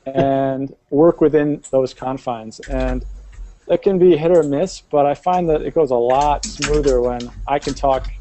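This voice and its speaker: A podcast co-host chats casually and hesitantly, using many fillers. His mid-range voice is warm and a little slow.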